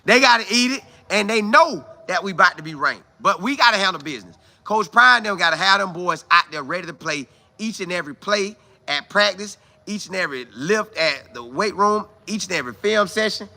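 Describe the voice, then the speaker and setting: Male stream host, high and very bright voice, animated and emphatic, addresses viewers directly. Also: a little fast, gravelly, few pauses. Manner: animated, exclaiming, repeats phrases for emphasis; talks straight to viewers, calling them y'all. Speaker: live stream host reading viewer comments. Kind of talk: casual live stream chat.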